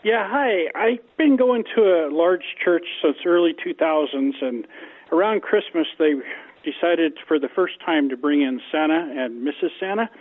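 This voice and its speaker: A man's voice: fairly high pitch, normal speed. A man calling in to a radio show, asking a puzzled question. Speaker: caller. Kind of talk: phone-in question. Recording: phone-line sound.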